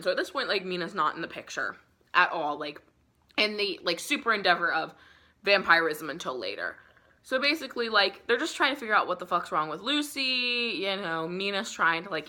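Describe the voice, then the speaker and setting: A woman's voice: medium pitch, pushed and bright. A young woman in her twenties, a bit tipsy, casually retelling a classic novel with lots of swearing and filler "like". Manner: rambling, profane, heavy use of "like". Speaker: book vlogger. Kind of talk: casual book summary.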